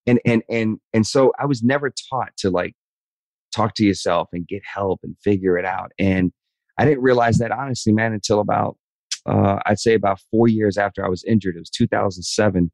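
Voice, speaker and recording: Earnest deep-voiced man opening up. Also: fairly quick, a little mellow, no echo, rough recording. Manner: earnest, repeats words, says man and dude. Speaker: podcast guest. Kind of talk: candid interview talk.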